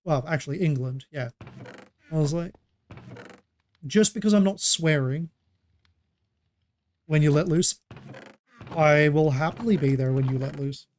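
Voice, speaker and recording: Man from Australia, gaming streamer, slightly higher voice, chatty, laughs between in-game remarks. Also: a little slow, pauses often, darkish tone, slight background noise. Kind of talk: casual live gameplay chat.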